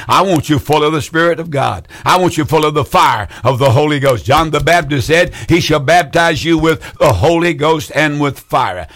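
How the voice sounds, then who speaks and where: An older man in his seventies preaches to callers with fervent energy. His voice sits slightly high, and he repeats lines to drive them home. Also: fairly bright tone. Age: 70s. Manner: fervent, repeats phrases for emphasis, calls out hallelujahs. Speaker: preacher hosting a call-in program. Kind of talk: call-in preaching.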